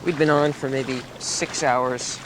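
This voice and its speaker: A young man telling a story in a casual interview, lively and acting out the voices he quotes. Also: medium pitch, slow. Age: 20s. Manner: animated, laughs often, acts out quoted voices. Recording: 1970s tape with background noise.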